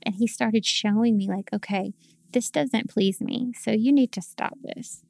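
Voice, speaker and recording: Earnest woman with a gravelly edge. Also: a little high, measured pace, a little mellow, dry recording, studio quality. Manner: earnest, emotional storytelling. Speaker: podcast guest. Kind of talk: faith testimony in casual chat.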